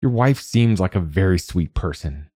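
A man doing a calm soft-spoken lonely young man. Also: sits low, moderate pace, breathy edge, no room sound, studio quality. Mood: firm.

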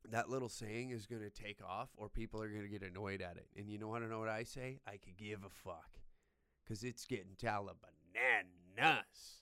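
A young man with a crude, loud and sarcastic manner, delivering a profane comedic rant into a close mic. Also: on the low side, fairly even intonation, fast, hardly any pauses, clear, resonant tone, dry recording. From Canada.

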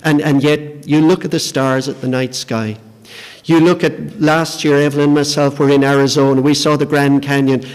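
A man's voice: on the high side, little pitch movement, normal speed, a little mellow, smooth, long reverb tail. A man preaching a sermon in an earnest way, often repeating a word as he starts a phrase.

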